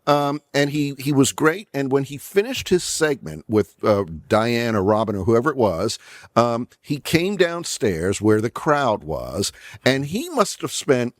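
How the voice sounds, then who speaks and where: A man's voice: medium pitch, sing-song, measured pace, no echo. A man hosting a podcast in casual chat, chatty and easily amused. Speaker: podcast host.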